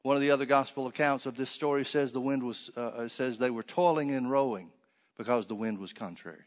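A man preaching a sermon, reading scripture aloud and then explaining it with rhetorical questions, swinging between loud emphatic stresses and hushed asides. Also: mid-range voice, fairly quick.

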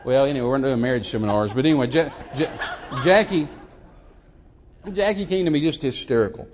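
A man in his sixties preaching a sermon, telling a story dramatically and swinging from hushed to loud, emphatic delivery. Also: medium pitch, fairly quick, crowd noise, noisy background. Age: 60s.

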